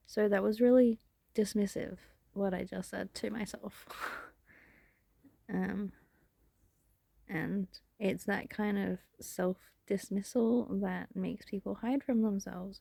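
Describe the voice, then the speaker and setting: Slow gravelly-voiced woman vlogger. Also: medium pitch, warm tone, dry recording. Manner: rambling, self-reflective, laughs often. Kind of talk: casual reflective monologue.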